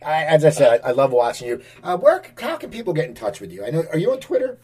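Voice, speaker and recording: A man's voice: fairly high pitch, sing-song, warm tone, husky. A man hosting a podcast who thanks his guest and signs off with plugs. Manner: upbeat, rapid plugs. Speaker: podcast host. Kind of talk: interview sign-off.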